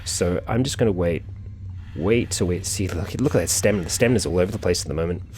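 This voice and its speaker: A man with a fairly low voice talks through a video game session as its host. He thinks out loud and leans on casual fillers as he plays. A faint hiss sits under the recording. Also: lively intonation, fast. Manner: chatty, thinking aloud, frequent fillers. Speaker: let's play host. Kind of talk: gameplay commentary.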